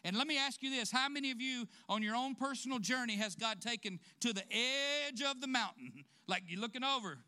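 Bright, high-voiced preaching man. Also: expressive, fairly quick, hardly any pauses. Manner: preaching directly to the congregation, rising emphasis, asks questions; laughs between points. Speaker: pastor. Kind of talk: sermon.

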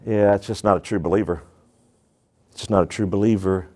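A man's voice: sits low, steady tone, a little fast, a little mellow. A middle-aged man preaching a sermon, emphatic, asking rhetorical questions and repeating lines for stress.

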